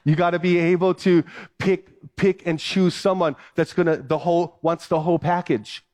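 A man's voice: fairly high pitch, fairly even intonation, normal speed, darkish tone. A man preaching a sermon, emphatic and repeating phrases to drive points home. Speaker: pastor.

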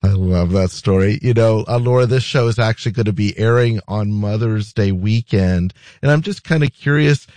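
A male host of a healthcare show, asking earnest questions and stumbling over repeated words. His voice is on the low side. The recording is dry and close. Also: moderate pace, few pauses, darkish tone, no room sound. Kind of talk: interview.

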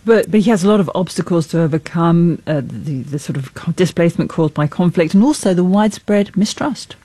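A news presenter reading scripted links and questioning a correspondent in a crisp delivery. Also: medium pitch, lively intonation, brisk, warm tone, dry recording.

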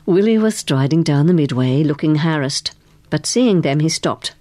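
Low-voiced woman narrating a story. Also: animated, normal speed, dark tone, dry recording. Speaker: audiobook narrator. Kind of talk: scripted narration.

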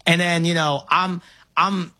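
A man's voice: fairly high pitch, unhurried, dry recording. A man in his forties from Brooklyn with a New York accent, chatting about sports and telling stories with lots of restarts. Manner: animated storyteller, many restarts. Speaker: guest. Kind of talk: casual sports talk.

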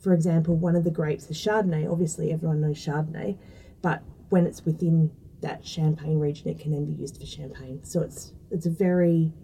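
A woman's voice: low-pitched, steady tone, a little fast, dark tone, distant mic, slight background noise, low-quality recording. A woman, chatting casually as a guest and explaining food science with lots of fillers. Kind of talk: casual interview talk.

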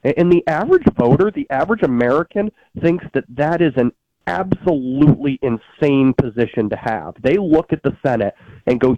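A man's voice: medium pitch, animated, normal speed, dry recording, lo-fi sound. A man arguing politics as a guest on a talk show, emphatic, with frequent filler sounds and restarts. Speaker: political commentator.

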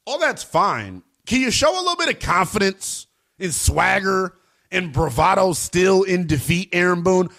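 A man giving emphatic, opinionated sports commentary in a slangy, animated way. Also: high-pitched, moderate pace.

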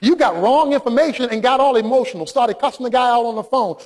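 A male preacher delivering an impassioned sermon that often rises to shouting. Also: extremely high pitch, fast, few pauses.

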